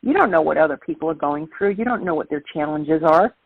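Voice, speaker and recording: A woman's voice: low voice, expressive, fast, husky, dry recording. Emphatic Brooklyn woman on a phone line. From Brooklyn, New York. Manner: emphatic, motivational. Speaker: guest speaker. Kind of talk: phone-in interview. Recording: dry, tinny phone line.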